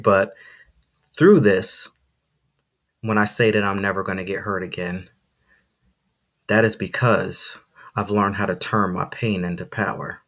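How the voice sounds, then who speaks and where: Man, low-pitched voice, podcast host, motivational monologue, preachy, emphatic, repeats for effect, addresses listeners. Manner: preachy and emphatic, repeats phrases, says "see"; excited, talks to listeners directly. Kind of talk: motivational live-stream monologue.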